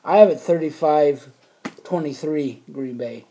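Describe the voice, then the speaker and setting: A man's voice: fairly high pitch, a little slow, warm tone. A man on a casual sports panel, tossing in short joking remarks. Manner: short jokey interjections. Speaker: podcast panelist.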